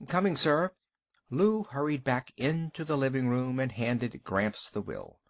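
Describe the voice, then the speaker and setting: A man narrating a short story for an audiobook in an expressive storytelling manner. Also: medium pitch, measured pace.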